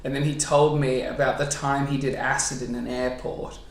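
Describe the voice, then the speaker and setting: A man's voice: mid-range voice, flat delivery, normal speed. A man hosting a podcast in casual chat, rambling through anecdotes with swearing and quoted asides. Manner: rambling, swearing, retells stories in quoted voices. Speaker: podcast host. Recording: echoey room.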